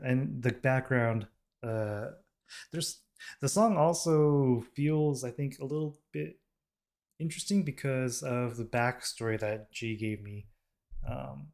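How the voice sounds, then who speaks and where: With a medium-pitched, creaky, slightly mellow voice, this American K-pop reaction host talks loosely to the camera. His speech wanders, full of ums and self-corrections as he restarts his thoughts.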